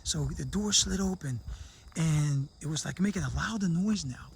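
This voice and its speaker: A man's voice: on the high side, moderate pace, creaky, a little hiss or hum. A man casually telling a long joke to camera, acting out the characters in raised voices. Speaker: vlogger living abroad.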